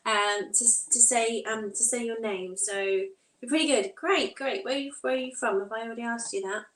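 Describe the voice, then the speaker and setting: A woman's voice: a little high, normal speed. A young woman chatting casually on a live stream at home while doing housework, often breaking off to tend to her toddler. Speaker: live-streaming mum vlogger. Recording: roomy, mic at a distance.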